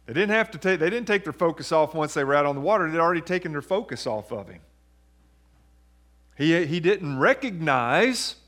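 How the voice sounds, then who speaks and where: A man with a slightly high voice preaches a sermon. He reads scripture aloud and talks it through in a conversational way, often asking the congregation questions. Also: fairly bright tone. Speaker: pastor.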